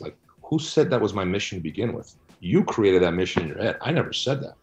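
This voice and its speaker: A middle-aged man answering interview questions about his research, blunt and animated as he argues his points. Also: deep voice, fast, hardly any pauses. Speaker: guest, researcher and author.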